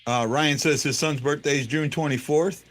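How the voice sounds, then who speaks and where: Rambling, bright-voiced man. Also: on the high side, fairly even intonation, normal speed, soft background music. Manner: rambling, lots of fillers and restarts. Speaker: podcast host. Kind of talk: casual sports chat.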